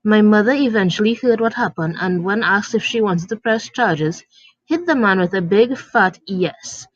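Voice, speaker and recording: A woman's voice: medium pitch, animated, normal speed, dry recording. Woman narrating with indignant drama. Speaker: story narrator. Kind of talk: reading a story aloud. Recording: dry, dull lo-fi recording.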